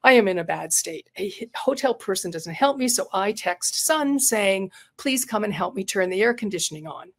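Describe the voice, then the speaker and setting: A woman's voice: medium pitch, animated, moderate pace, few pauses. Earnest middle-aged woman telling a story. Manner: earnest, reflective, repeats words while thinking. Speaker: guest, retired psychotherapist and coach. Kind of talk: conversational interview, personal storytelling.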